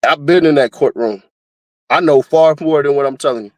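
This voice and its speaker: A man hosting his own casual commentary and talking animatedly, laughing often as he goes. His voice sits fairly high for a man. The sound is dry and close, with no room around it. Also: fairly quick, no room sound. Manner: animated, laughs often, breaks into high-pitched screaming bits. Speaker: commentary host.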